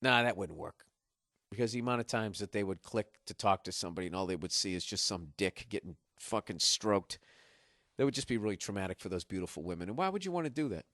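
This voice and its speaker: Profane, animated male comedian ranting. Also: fairly low pitch, fast, no room sound, studio quality. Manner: profane, animated, building to loud outbursts. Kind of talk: comedic podcast rant.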